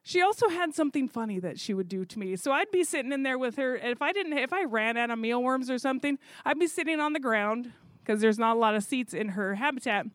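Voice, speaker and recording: A woman who coordinates zoo volunteers, telling a story in a chatty, animated way with fillers. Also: on the high side, fast talker, no room sound. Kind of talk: casual storytelling.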